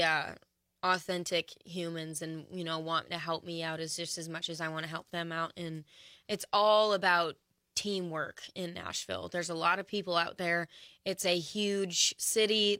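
A woman speaking as an interview guest, rambling a little with fillers and trailing off quietly. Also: lowish voice, no echo, studio quality. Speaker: musician guest. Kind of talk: interview chat.

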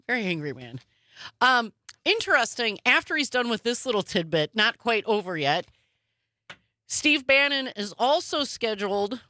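A woman co-hosting a podcast, giving casual political commentary in a quick, sarcastic manner. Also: a little high, pushed and bright, no echo. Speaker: podcast co-host.

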